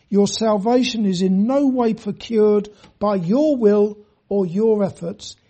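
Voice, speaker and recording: A preacher giving an earnest sermon, reading scripture in a measured way and speaking straight to the listeners. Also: mid-range voice, dark tone, slightly rough. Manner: addresses listeners directly.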